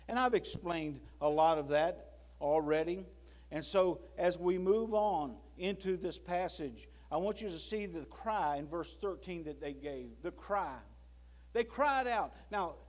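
A man preaching a sermon in a church, swinging from loud pleading to hushed low tones and acting out prayers and God's words. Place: church sanctuary.

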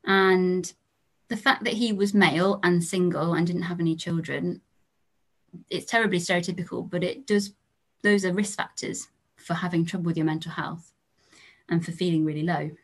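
A young English woman, a trainee family doctor, giving a lecture in a calm, measured way, telling stories from her work with endings that trail off softly. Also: on the low side. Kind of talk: storytelling lecture.

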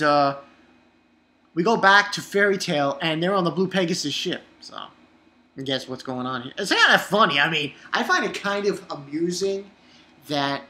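A man talks through an anime episode in a loose, rambling way. His voice is bright and forward, and he drops in profane jokes and little chuckles. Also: on the high side. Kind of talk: casual rambling review.

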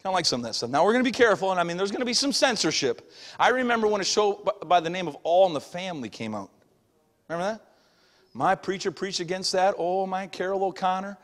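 A middle-aged male pastor preaching a sermon, moving between shouted passages and hushed asides, recorded in a church sanctuary. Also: high-pitched, lively intonation, fast. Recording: long church hall reverb.

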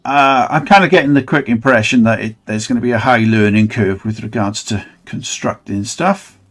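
A man's voice: medium pitch, normal speed, a bit bright. A man rambling and swearing through a let's play, mocking the game as he goes. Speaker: gaming channel host.

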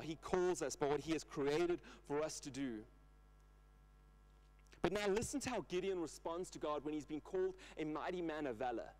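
A man preaching a sermon in church, earnest, retelling scripture in lively paraphrase. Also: fairly high pitch, low-quality recording.

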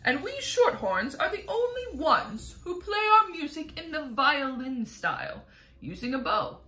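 A woman reads aloud as a wise old grasshopper who plays the violin, talking with gentle pride and a lecturing air. The voice sits bright and lively with a roomy echo around it. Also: sits high, unhurried, pitched above the performer's own voice, exaggerated voice. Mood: proud.

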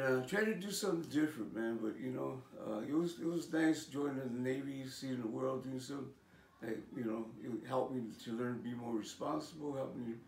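A man's voice: medium pitch, vocal fry. A man in his sixties from California gives a personal testimony about his life. He talks casually, with lots of "man" and "you know" and some street slang. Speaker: speaker sharing his life story. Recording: echoey room, voice from a distance.

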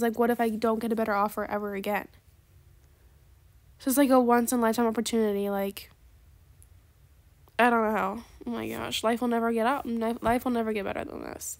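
A woman giving chatty, sarcastic commentary over a trading game, gushing with gasps and dropping into soft asides. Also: fairly high pitch. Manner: chatty, calls viewers "besties". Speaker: gaming video creator. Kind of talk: casual gameplay commentary.

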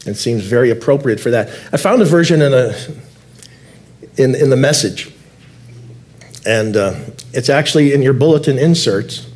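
A man preaching a sermon as lead elder in a church, earnest, repeating key words and slowing down to stress them. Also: medium pitch, a little mellow. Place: church sanctuary.

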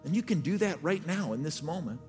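A man's voice: fairly high pitch, expressive, fairly quick, music in the background. A man preaching a sermon as pastor. He tells his story earnestly and often repeats words as he restarts. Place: church stage.

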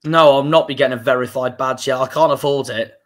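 A man's voice: mid-range voice, steady tone, quick pace. A young man with a Cornish accent, angry and swearing as he hosts a football fan livestream reaction. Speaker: football fan channel host.

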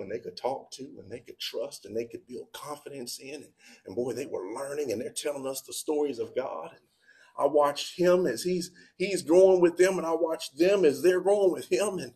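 Male pastor, mid-high voice, evening sermon in church, swings from hushed to full-throated preaching. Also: normal speed. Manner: swings from quiet and low to loud preaching shouts. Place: church sanctuary.

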